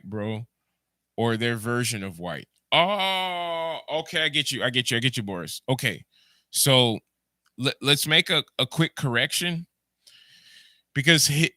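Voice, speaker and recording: A man's voice: medium pitch, bright, forceful tone, no room sound. A man with a Jamaican accent hosting a livestream, rambling through ideas, repeating words and answering his chat. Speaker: podcast host. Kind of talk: casual livestream commentary.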